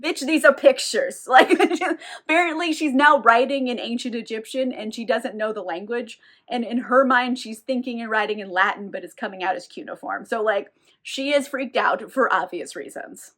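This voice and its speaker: A woman's voice: fairly high pitch, moderate pace, a bit bright. Laughing, irreverent woman recapping a book. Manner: irreverent, laughs often, lots of "like". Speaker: book reviewer.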